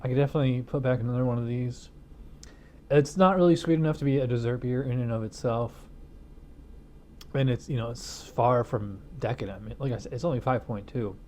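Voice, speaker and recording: A man's voice: medium pitch, a little fast, darkish tone, slight background noise. A middle-aged man reviewing a beer on his own channel, talking in a loose, rambling way with lots of fillers. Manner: rambling, filler-heavy, laid-back. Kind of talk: casual chat.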